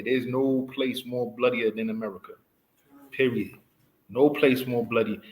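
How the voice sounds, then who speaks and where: A man's voice: medium pitch, poor audio. Emphatic man leading a scripture study. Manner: emphatic, keeps prompting reader with "right?". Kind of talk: casual Bible study teaching.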